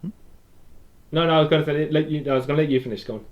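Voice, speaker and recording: Man chiming in with quick interjections. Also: on the high side, lo-fi sound. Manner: short backchannels and brief interjections. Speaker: film review podcast co-host. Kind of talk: casual chat.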